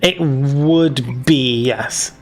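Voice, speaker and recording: A man's voice: medium pitch, very slow, faint music behind. A man narrating as game master of a tabletop game, loose and rambling, full of fillers and restarts.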